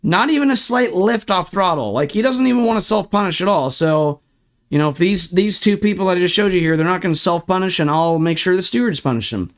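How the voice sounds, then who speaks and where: A man's voice: high-pitched, expressive, brisk. A young man streaming sim racing, ranting in frustration and swearing while walking through replay footage. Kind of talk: ranting livestream commentary.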